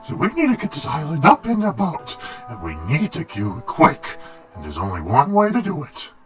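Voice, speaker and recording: A man's voice: fairly high pitch, wildly swooping pitch, moderate pace, faint music behind. A man voicing a theatrical, petty male island guide in a video game, resentful of his successful sister. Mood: brisk.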